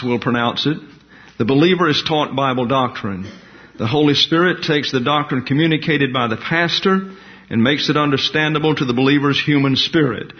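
A man preaching an expository Bible teaching sermon as pastor, speaking deliberately, explaining Greek terms and making side remarks. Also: mid-range voice. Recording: dull lo-fi recording.

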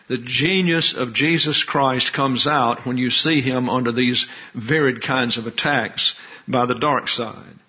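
A man teaching a sermon-style Bible lesson, measured and methodical, repeating key phrases for emphasis. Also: medium pitch, highs cut off. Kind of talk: expository sermon.

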